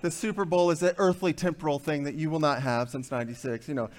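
Male preacher, slightly high-voiced, dynamic delivery from hushed to loud, playful asides. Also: fast talker, hardly any pauses. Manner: joking asides. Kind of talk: sermon.

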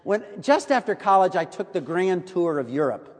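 Middle-aged man, american, sermon, storytelling, high voice, long hall reverb. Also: moderate pace. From United States. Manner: storytelling, animated, drops to a hush for emphasis. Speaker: preacher.

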